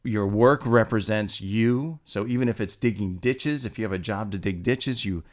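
A man casually telling a personal story, animated and laughing often, his voice rising as he gets indignant. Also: on the low side, moderate pace.

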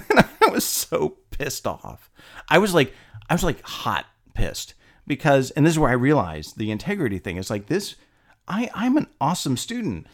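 A man in casual conversation, telling a long personal story with lots of energy. He laughs often and pushes his voice up when he gets worked up, at a middling pitch. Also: normal speed. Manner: animated, laughs often, rising with indignation.

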